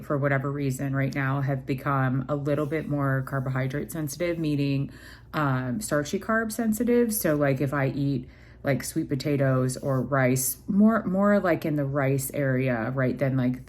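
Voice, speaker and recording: A young woman chatting casually to camera in a home vlog, rambling with many fillers and restarts. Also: very deep voice. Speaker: vlogger.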